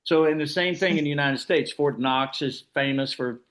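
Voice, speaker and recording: A man's voice: fairly high pitch, moderate pace, a bit bright. A man leading an informal scripture class, explaining at length with frequent restarts. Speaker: class leader.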